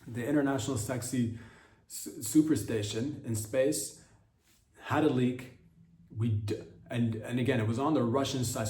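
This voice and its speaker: A man's voice: medium pitch, a little mellow. A man hosting a comedy podcast, delivering a rambling, profane monologue and tripping over his words. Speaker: podcast host. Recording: roomy echo.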